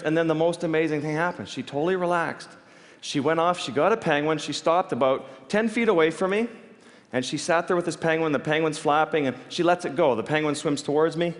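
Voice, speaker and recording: Brief: animated male speaker, fairly high voice, restarts mid-sentence, long hall reverb. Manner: animated, halting restarts, quick to laugh. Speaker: speaker telling stories. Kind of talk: storytelling talk on stage.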